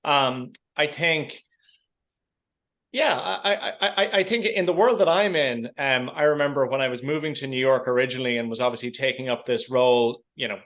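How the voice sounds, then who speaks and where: A man's voice: medium pitch, normal speed, a bit bright. A man with a mild Irish accent from the Irish Midwest, answering interview questions in a thoughtful, articulate way with some hesitant restarts. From Ireland. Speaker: interview guest.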